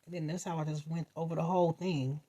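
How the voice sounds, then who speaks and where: Speaking fast at a medium pitch, this vlogger tells the story of a hilarious dream in a relaxed way. The delivery is lively, full of acted-out voices and reactions, frequent laughter, and plenty of swearing.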